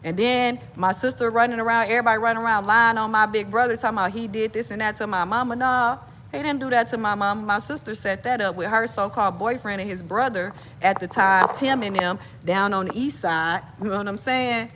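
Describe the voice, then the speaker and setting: A woman's voice: brisk, hardly any pauses, slight background noise. A woman speaking an emphatic personal monologue to camera, talking straight to her viewers. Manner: grows agitated and loud, pitch climbing. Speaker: vlogger.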